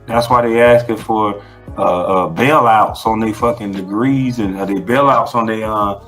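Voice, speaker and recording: A man's voice: on the low side, moderate pace, a bit bright, faint music behind. A man being interviewed who talks in a blunt, emphatic way and swears freely. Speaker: interview guest. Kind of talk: casual conversational interview.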